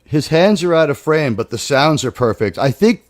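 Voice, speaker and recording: Guy rambling on a podcast, restarts a lot, kinda high voice, dry mic. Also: lively intonation, normal speed, no echo. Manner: rambling, restarts, searches for names. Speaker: podcast panelist. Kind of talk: casual podcast discussion.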